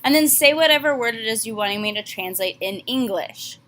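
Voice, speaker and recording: A woman French teacher giving a classroom lesson, slowly modeling each phrase. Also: on the high side, expressive, a bit bright.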